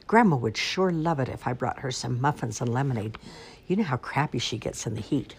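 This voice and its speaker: A woman's voice: very deep voice, expressive, a little fast, a little hiss or hum. A woman voicing an eager young country girl in a storybook reading, in a chirpy manner.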